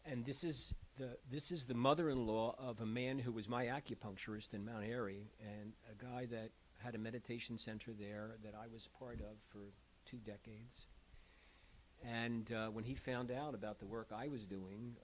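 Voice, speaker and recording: A man's voice: fairly low pitch, moderate pace, low-quality recording. An older man who works as an end-of-life doula, telling personal stories in a conversational way and acting out the voices of the people he quotes. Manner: animated storyteller, acts out quoted voices. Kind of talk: conversational storytelling. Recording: faint hiss.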